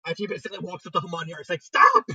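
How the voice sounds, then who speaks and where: A man's voice: sits high, fairly even intonation, rapid-fire, pushed and bright, breathy edge, dry recording, recorded from a distance, highs cut off. A young man giving a casual spoken review, retelling it animatedly with frequent laughter and lots of "like". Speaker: fanfiction reviewer. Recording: dry sound, voice set back from mic.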